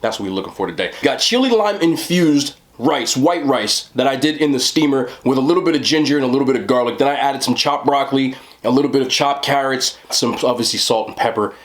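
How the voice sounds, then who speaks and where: Laid-back young man chatting while eating. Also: medium pitch. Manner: chatty, laid-back, talks with mouth full. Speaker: mukbang vlogger. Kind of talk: casual talk to camera while eating.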